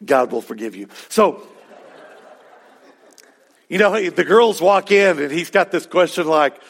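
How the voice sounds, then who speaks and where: A male pastor preaching a sermon in a conversational, emphatic way, with sudden loud peaks. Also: fairly high pitch, expressive, measured pace, creaky.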